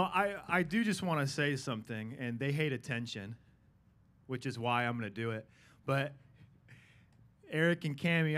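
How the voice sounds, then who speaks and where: A man's voice: medium pitch, a bit bright. Earnest male pastor addressing a congregation. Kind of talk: sermon.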